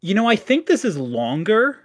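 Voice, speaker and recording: A podcast co-host in casual chat, lively and chatty with quick asides. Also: medium pitch, dry recording.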